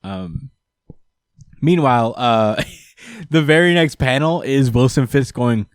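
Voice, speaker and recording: A man co-hosting a comics podcast at a middling pitch. He recaps the story loosely with lots of fillers and playful quoted voices. The sound is close and dry. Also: measured pace, vocal fry, smooth, dry recording. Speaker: podcast co-host. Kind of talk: casual comics discussion.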